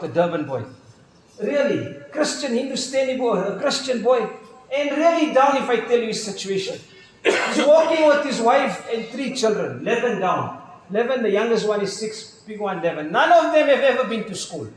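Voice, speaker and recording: A middle-aged imam with a South African accent tells stories during a sermon, using quoted dialogue and casual slang. His voice is very high-pitched and very animated, at a normal speed, and the mosque hall he speaks in is very echoey.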